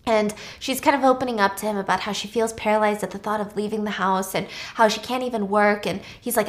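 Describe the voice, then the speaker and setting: A woman's voice: medium pitch, fairly quick. A woman casually recapping a film plot in a chatty way, adding frequent asides.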